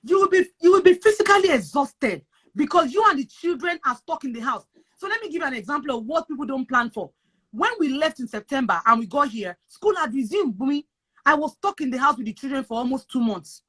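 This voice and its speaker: A woman's voice: sits high, expressive, fairly quick, fairly bright tone. A woman from Nigeria with a Nigerian accent, giving advice in an emphatic, repetitive, preachy way in casual chat. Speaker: guest sharing advice on moving abroad.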